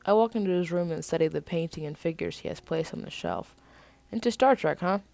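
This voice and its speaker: A woman from the United States reads her own first-person fiction with a fairly low, gravelly voice. She drops into casual asides between passages, and the sound is close and dry. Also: brisk, warm tone, dry recording. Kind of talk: first-person story reading.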